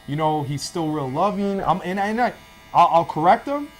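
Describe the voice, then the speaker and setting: Guy in a barber chair telling a story, kinda high voice, acts out the lines. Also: normal speed, a little hiss or hum. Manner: animated, acts out family dialogue. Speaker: barbershop podcast guest. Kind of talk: casual storytelling.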